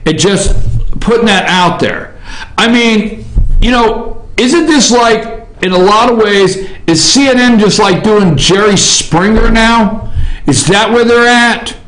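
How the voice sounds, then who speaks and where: A male talk show host delivers opinion commentary from an office at an unhurried, drawn-out pace. He rambles, circles back on his own phrases and punctuates his points with a questioning "okay?". The room around him is echoey. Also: high voice, fairly bright tone, slight background noise. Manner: rambling, repeats himself, tags lines with "okay?".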